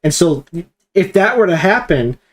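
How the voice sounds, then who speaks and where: A man's voice: high voice, sing-song, normal speed. A man leading a streamed Bible study discussion, explaining at length and acting out quoted commands with emphasis.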